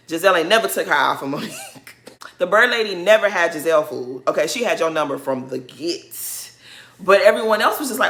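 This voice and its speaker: A woman's voice: on the low side, expressive, fast, fairly bright tone. A woman giving casual, emphatic commentary in a recap vlog, speaking with a sassy, opinionated manner. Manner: sassy, emphatic, mocks others in put-on voices. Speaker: reality TV recap vlogger.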